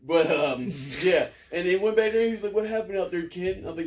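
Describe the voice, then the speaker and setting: Man, wrestler guest, casual profane storytelling, laughing, slightly high voice, a bit off mic. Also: brisk, recorded from a distance, slight background noise. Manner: loud, laughing, acts out quotes with big pitch jumps.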